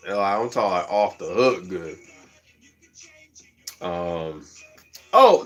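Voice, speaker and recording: A man's voice: lowish voice, fairly bright tone. A man hosting a livestream in a slangy, rambling casual chat, laughing often. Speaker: livestream host.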